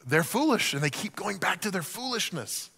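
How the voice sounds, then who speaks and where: A man preaching a sermon in an animated way, acting out the voices of the people in the story. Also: high voice, moderate pace, creaky, husky, long reverb tail. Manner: animated, acts out quoted voices. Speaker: pastor.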